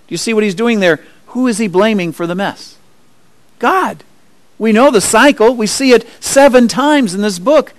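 Male pastor preaching, fairly high voice, dry close sound, expressive rises and drops. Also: no echo. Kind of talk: sermon. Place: church.

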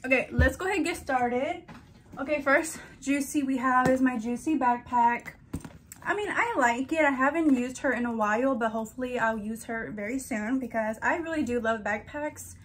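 A chatty young woman talks through her hauls and collections with a slightly high, bubbly voice. She gushes over each item and speaks straight to her viewers. A faint hum of room noise sits behind her. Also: moderate pace. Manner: chatty, gushing, addresses viewers as girlies. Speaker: vlogger. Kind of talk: casual haul vlog.

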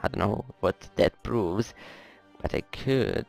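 A man's voice: fairly low pitch, lively intonation, moderate pace, creaky, fairly bright tone, faint music behind, rough recording. A man casually commenting on a strategy game he is playing, rambling, muttering to himself and swearing at the game now and then. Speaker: gameplay commentator. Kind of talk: casual let's-play commentary.

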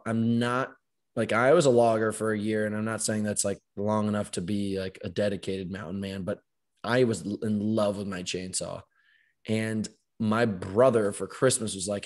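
Man, thirties, podcast host, casual storytelling, animated, does others' voices, swears a lot. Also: on the low side, fairly quick. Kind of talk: casual chat.

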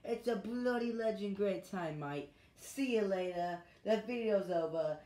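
A male vlogger putting on an exaggerated Australian accent, playing a cheery young bloke in a high, loud, hammy voice, recorded on an iPad. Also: expressive, unhurried. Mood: cheerful. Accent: put-on Australian. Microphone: iPad mic. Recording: echoey room.

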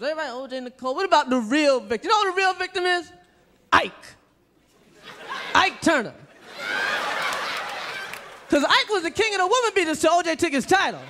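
A brash, profane stand-up comedian with a very high voice, firing off jokes at a fast clip. A crowd murmurs faintly behind him, with a light hiss. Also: male voice, sing-song, a bit bright. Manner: brash, profane, rapid-fire. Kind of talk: stand-up routine. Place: comedy club stage.

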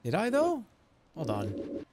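Animated, incredulous male streamer. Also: a little high, slow pace, background noise. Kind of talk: casual gameplay commentary.

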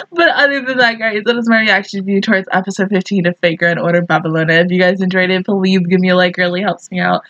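Husky young woman, profane and emotional. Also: medium pitch, quick pace, few pauses, a bit bright, no echo, muffled recording. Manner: profane, emotional, exclamatory, laughs often. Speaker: anime reaction YouTuber. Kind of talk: casual reaction commentary.

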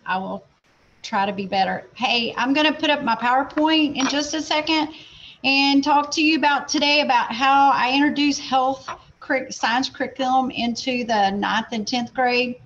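A woman's voice: high voice, moderate pace, fairly bright tone. A woman in her forties from Oklahoma with a Southern Oklahoma accent, a health science teacher giving a casual workshop presentation over a video call, laid-back and a little apologetic. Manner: laid-back, apologetic, talks herself through steps. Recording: muffled video-call audio with faint noise.

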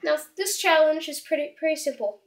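High-voiced woman voicing a homemade comedy show. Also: animated, brisk. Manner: stumbling, repeats words, giggly. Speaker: host and voice of all characters.

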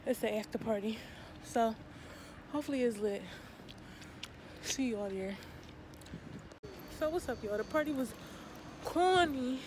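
Young woman vlogger, slangy, laid-back, higher voice, noisy phone audio outdoors. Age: young adult. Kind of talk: casual vlog chat. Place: outdoors on a college campus at night.

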